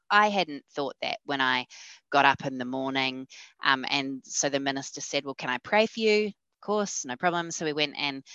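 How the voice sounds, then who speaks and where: A woman with a New Zealand accent, a podcast guest telling her personal faith story in a lively way, acting out the voices of the people she quotes. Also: deep voice, dry recording, lo-fi sound.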